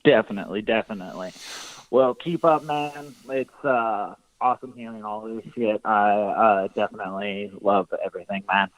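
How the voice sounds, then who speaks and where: A man's voice: fairly low pitch, moderate pace, no room sound, poor audio. A male caller chatting casually, easygoing and agreeable, laughing now and then. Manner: laid-back, agreeable, laughs often. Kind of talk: casual phone chat.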